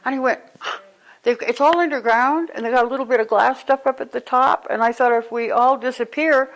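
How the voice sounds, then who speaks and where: A woman speaking as a spiritual teacher to a live group, conversational and animated, telling stories and breaking into sudden exclamations. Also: high voice, a little fast, low-quality recording.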